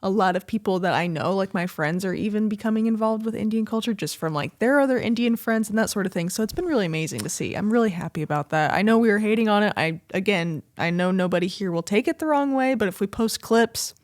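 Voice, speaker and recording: A woman's voice: mid-range voice, expressive, fast, hardly any pauses, dry recording, studio quality. A woman co-hosting a podcast in casual, upbeat chat, often breaking off mid-word. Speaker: podcast co-host.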